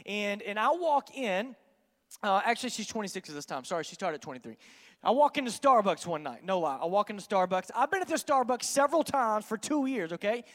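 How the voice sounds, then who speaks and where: A man, a pastor telling an animated, joking story to his congregation during a sermon. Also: high-pitched, brisk, big-room sound. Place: church sanctuary.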